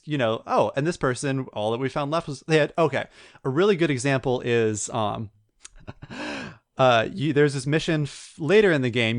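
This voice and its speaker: A man co-hosting a gaming podcast, recounting a video game story in a rambling, animated way. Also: mid-range voice, dry recording, studio quality. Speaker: podcast co-host. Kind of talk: casual chat.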